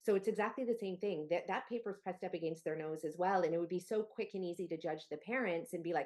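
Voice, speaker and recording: A woman with a lowish voice hosts a podcast interview. She talks earnestly and empathetically, letting her thoughts run on in long strings. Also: quick pace, few pauses, dark tone. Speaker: podcast host.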